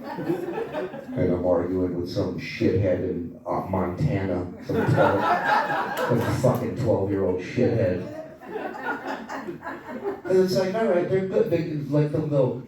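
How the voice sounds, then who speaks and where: Profane stand-up comic in an echoey club. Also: male voice, deep voice, takes it slowly, long pauses. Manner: profane, animated storytelling with crowd asides. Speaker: stand-up comedian. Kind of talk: stand-up comedy set. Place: comedy club stage. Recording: echoey club audio from far off. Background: small audience laughing.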